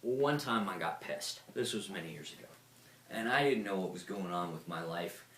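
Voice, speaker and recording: A man's voice: deep voice, moderate pace, slight background noise. A man giving a casual, rambling talk, telling stories and swearing freely. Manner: rambling, profane, lively storyteller. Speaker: speaker. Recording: roomy echo.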